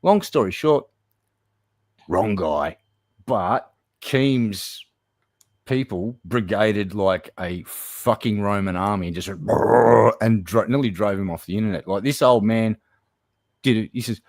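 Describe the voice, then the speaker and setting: Guy telling a story, blunt and sweary, lowish voice, dry close mic. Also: a little slow, long pauses, no room sound. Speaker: guest. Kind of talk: casual chat.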